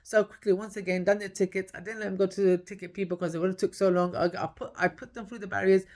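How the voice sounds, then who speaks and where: A woman's voice: mid-range voice, little pitch movement, quick pace, a little mellow. Emphatic woman telling her story. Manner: emphatic, repeats key points, acts out dialogue. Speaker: podcaster. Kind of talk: casual storytelling monologue.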